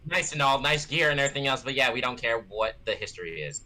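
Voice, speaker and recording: Bright, lively speaker mocking on stream. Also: mid-range voice, fast talker, low-quality recording. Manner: blunt, mocking and exasperated. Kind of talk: casual ranting stream chat.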